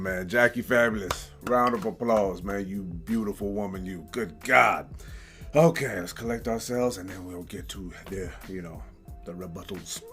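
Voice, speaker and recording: A man's voice: lowish voice, normal speed, a bit bright, soft background music. Laid-back man hosting a reaction video. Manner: exclamatory, laughing, loose and rambling. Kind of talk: casual reaction commentary.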